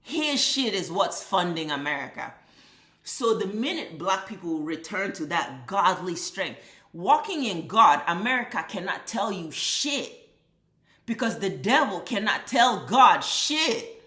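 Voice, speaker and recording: Woman ranting with bright, ringing tone. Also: mid-range voice, big pitch swings, unhurried, roomy sound. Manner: profane, emphatic, repetitive. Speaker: vlogger. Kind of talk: impassioned commentary rant.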